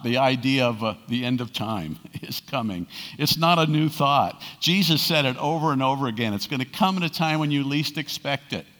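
A male pastor with a fairly bright voice on the high side preaches a conversational sermon. He poses rhetorical questions to his listeners and paraphrases scripture. His voice carries the long reverb of a large hall.

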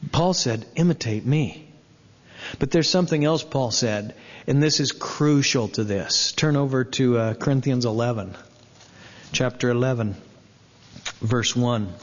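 A pastor preaching a sermon, emphatic, asking rhetorical questions and slowing down to dwell on scripture quotes. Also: male voice, mid-range voice. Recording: reverberant, dull lo-fi sound.

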